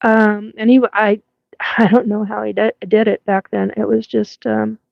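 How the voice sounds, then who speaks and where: A woman's voice: mid-range voice, level tone, normal speed, vocal fry, no room sound, muffled recording. A woman in her fifties from Washington State with a West Coast accent, hosting a casual live chat, rambling with many fillers and frequent laughs. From Washington State, USA. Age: 50s. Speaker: livestream host.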